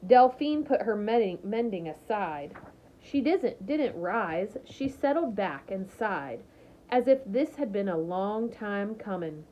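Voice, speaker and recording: A woman's voice: mid-range voice, takes it slowly. Woman reading a novel aloud, muffled. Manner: steady, expressive storytelling. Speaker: narrator. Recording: slightly muffled lo-fi recording.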